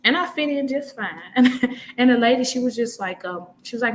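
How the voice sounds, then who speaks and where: A woman's voice: fairly high pitch, fairly quick, slight background noise, low-quality recording. A woman in her twenties on a talk show, telling stories animatedly, acting out what people said and laughing often. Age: 20s. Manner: animated storyteller, acts out quotes, laughs often. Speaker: guest. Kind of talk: casual chat.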